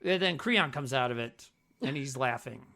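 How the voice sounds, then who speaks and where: Man, podcast co-host, very lively pitch, casual movie chat, swears and laughs. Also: normal speed, creaky. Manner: animated, swears freely, laughs often.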